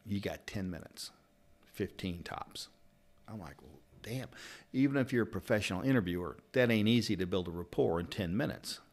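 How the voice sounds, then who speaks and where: A man's voice: lowish voice, moderate pace. A middle-aged man from Louisville with a Kentucky accent, a barber casually rambling through anecdotes in conversation. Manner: rambling storyteller, animated retelling of anecdotes. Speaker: barber and interviewer. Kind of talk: casual chat.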